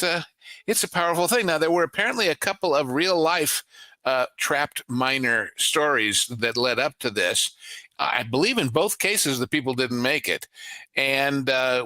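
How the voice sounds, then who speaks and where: A man co-hosts a film podcast, telling anecdotes and laying out a plot at an easy pace, with plenty of filler words. His voice is bright and forward. The sound is dry, recorded close to the mic with no room echo. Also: mid-range voice. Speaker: podcast co-host. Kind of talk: casual podcast chat, film synopsis.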